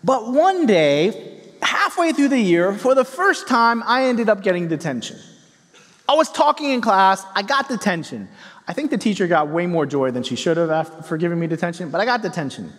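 High, lively man preaching in a reverberant hall. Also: normal speed. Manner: animated storytelling preacher, tender and earnest. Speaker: pastor. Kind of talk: sermon. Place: large church hall.

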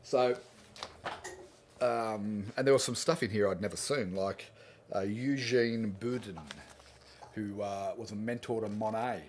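A man's voice: fairly low pitch, steady tone, unhurried, pauses often, a little hiss or hum. A middle-aged Australian man hosting a casual livestream chat as an art teacher, greeting viewers by name in a friendly, easygoing way.

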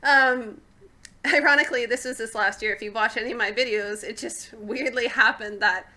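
A woman's voice: on the high side, steady tone, a little fast, sharp tone. A young woman from Canada co-hosting a podcast, chatting casually, laughing often and trailing off mid-sentence. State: hiccuping. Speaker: podcast co-host. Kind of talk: casual chat.

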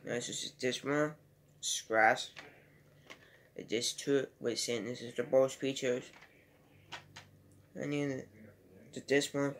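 A man's voice: medium pitch, fairly even intonation, takes it slowly, pauses often, heavy background noise. A man giving a casual home video movie review and retelling scenes in a rambling, loosely strung way.

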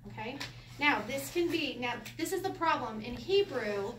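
A woman's voice: sits high, normal speed. A woman teaching a Bible Hebrew class in an easygoing way, laughing often and asking her listeners questions. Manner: lively, laughs often, explains with rhetorical questions. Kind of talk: informal Bible class lesson. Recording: roomy echo from a distance, faint background noise.

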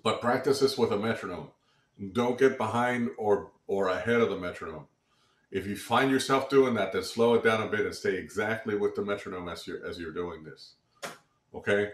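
Lower-voiced man teaching beat counting. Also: moderate pace, roomy sound. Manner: counts beats aloud, many restarts, explanatory. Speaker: music theory teacher. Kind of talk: online music lesson.

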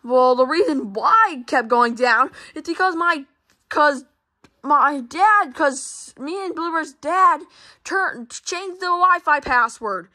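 A woman's voice: pushed and bright, heavily acted. A woman voicing Nightmare, a lazy gamer boy who whines and complains about his chores. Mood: sulky. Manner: whiny, complaining, high and fast.

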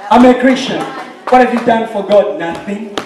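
A man with a Southern African accent preaching a sermon, impassioned and often shouting with emphatic repetition. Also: high-pitched, normal speed, far from the mic, a crowd in the background. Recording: roomy hall, mic from afar.

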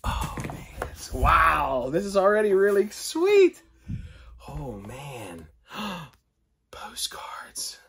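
A middle-aged man talking casually through an unboxing, excitable and often dropping to delighted whispers and gasps. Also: on the high side, slow pace, gravelly, a little hiss or hum. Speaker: collector vlogger.

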